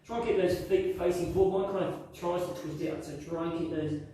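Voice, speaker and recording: A man's voice: sits high, steady tone, brisk, warm tone. Yoga instructor, male, encouraging cues, recorded far from the mic in a very echoey room. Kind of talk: guided workout instruction.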